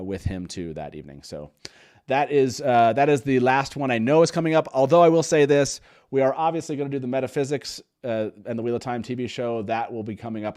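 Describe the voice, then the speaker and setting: A young man hosts a live stream in a relaxed, chatty way. He laughs often and leans on fillers as he runs through announcements. His voice sits at an ordinary middle pitch. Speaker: podcast host. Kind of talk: casual live-stream chat.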